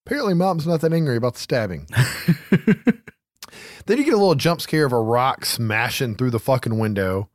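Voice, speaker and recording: A man's voice: medium pitch, very animated, a little fast, long pauses, no room sound, studio quality. A man co-hosting a podcast, casually recapping a film, laughing often and swearing freely. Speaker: podcast co-host. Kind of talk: casual movie recap chat.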